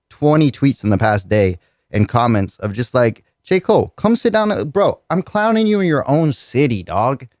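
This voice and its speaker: A young man mocks and jokes through a radio rant, circling back to the same lines. His pitch jumps around a lot, and the dry studio sound carries no room echo. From United States. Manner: joking, mocking, repeats himself. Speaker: radio host and rapper. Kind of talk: comedic rant commentary.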